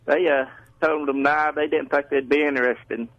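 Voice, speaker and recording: A man from Georgia phoning a radio show, telling a story in a halting, plain-spoken way. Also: fairly high pitch, steady tone, dry recording. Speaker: caller. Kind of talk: phone-in chat. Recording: muffled phone line.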